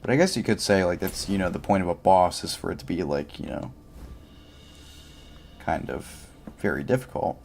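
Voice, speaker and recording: A man's voice: deep voice, expressive, normal speed, creaky, pauses often, darkish tone, faint music behind. A young man livestreaming a game, chatting casually and thinking aloud, with lots of filler words as he plays. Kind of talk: casual gameplay commentary.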